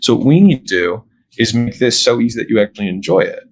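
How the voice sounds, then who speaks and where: A man as a podcast guest, explaining how he sells fitness programs in casual conversation and often checking in with a quick "right?". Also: medium pitch, lively intonation, rough recording. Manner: acts out sales dialogue, often tags "right?". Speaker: podcast guest, gym business owner.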